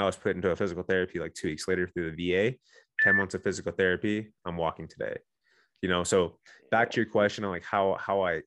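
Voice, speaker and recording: A man's voice: sits low, a bit bright, no echo, clean studio sound. A man in his thirties, a guest on a talk show, telling his own story candidly and earnestly, with many restarts and "you know"s.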